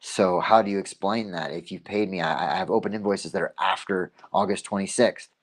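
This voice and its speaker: A man's voice: low-pitched, fairly even intonation, fairly quick. A man hosting his own livestream show, telling a story in a casual, rambling monologue and repeating himself as he goes. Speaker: host of a local livestream show.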